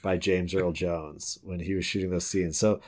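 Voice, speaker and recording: A man's voice: low voice, fairly even intonation, normal speed. A man co-hosting a casual podcast chat, rambling with restarts and frequent laughs. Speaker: podcast co-host.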